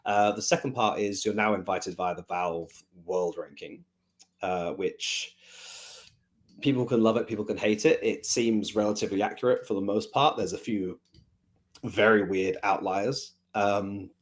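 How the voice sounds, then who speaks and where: Man with a very low voice, unhurried, thinking aloud, conversational Q&A. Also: steady tone. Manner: rambling, thinking aloud with many fillers. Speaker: team manager answering fan questions. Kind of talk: casual Q&A chat.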